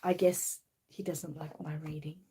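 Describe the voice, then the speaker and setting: A woman's voice: low-pitched, little pitch movement, measured pace, dark tone, slight background noise. An Australian woman hosting a live stream, chatting casually with lots of fillers and a sleepy, rambling manner, then reading a children's storybook aloud. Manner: rambling, filler-heavy, drowsy. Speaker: livestream host.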